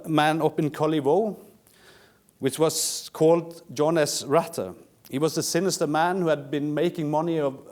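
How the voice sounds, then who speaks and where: A man's voice: fairly high pitch, darkish tone. A man from Norway with a Norwegian accent, giving a history lecture in English, telling it as a story and often restarting words. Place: lecture room.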